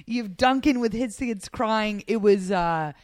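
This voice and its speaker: A woman's voice: mid-range voice, a little slow, a little mellow, no room sound. A woman hosts a sports podcast in easy, chatty talk. She gushes and piles on fillers and restarts. Her voice sits in a middle range and sounds close and dry. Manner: chatty, gushing, many fillers. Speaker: podcast host. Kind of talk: casual sports chat.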